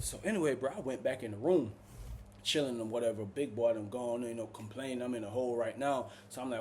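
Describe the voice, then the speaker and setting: A man from Jamaica telling a story casually, animated and full of slang, calling the listener bro. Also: medium pitch, fast talker, slight background noise.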